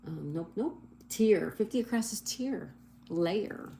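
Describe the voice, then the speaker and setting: A woman's voice: mid-range voice, animated, slow, creaky, dark tone, a little hiss or hum. Cheerful woman spelling out crossword answers. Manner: apologetic over slips. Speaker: livestream host. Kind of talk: casual livestream chat, reading viewer comments.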